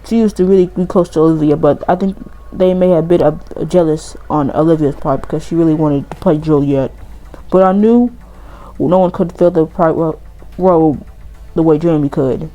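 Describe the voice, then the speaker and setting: A woman voicing a grieving, evasive adult male drama teacher, reading game dialogue aloud slowly in a put-on accent. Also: deep voice, mellow, pitched below the performer's own voice, close to an everyday voice, rough recording. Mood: halting, sorrowful.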